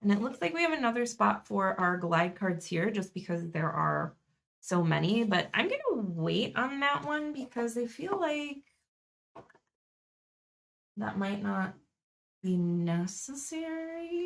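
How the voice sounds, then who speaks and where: A young woman chatting through a live-stream board game unboxing, thinking aloud and laughing softly as she goes. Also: a little high, very animated, moderate pace, vocal fry.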